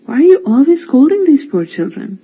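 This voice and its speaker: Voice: high voice, sing-song, a little fast, muffled recording, pitched above the performer's own voice. A storyteller voicing Irfan, a kind young man who talks patiently to children in a storybook reading. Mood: gentle. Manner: warm, patient coaxing. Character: kind, cheerful young male guest, gentle.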